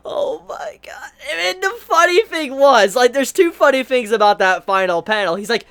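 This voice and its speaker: A woman giving a casual manga review, excitable, often laughing and swearing casually. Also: fairly high pitch, normal speed, hardly any pauses.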